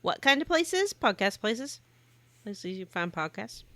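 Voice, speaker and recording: A woman's voice: medium pitch, very animated, unhurried, pushed and bright, no room sound. A woman co-hosting a podcast, chatting casually and joking around. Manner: playful, jokey. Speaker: podcast co-host.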